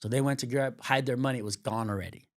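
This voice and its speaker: Animated man telling a raw story. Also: mid-range voice, fast. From Venice, California. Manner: swears freely, acts out quoted dialogue with lively shifts. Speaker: surf commentator, interview guest. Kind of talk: candid storytelling interview.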